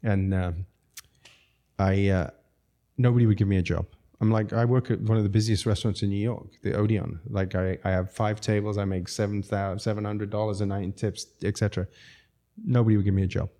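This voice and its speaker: Man, from Zambia, restaurateur guest, warm soft voice, lively storyteller, laughs a lot. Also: fairly low pitch, a little fast. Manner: animated anecdotes, laughing often, acts out quotes. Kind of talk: casual storytelling chat.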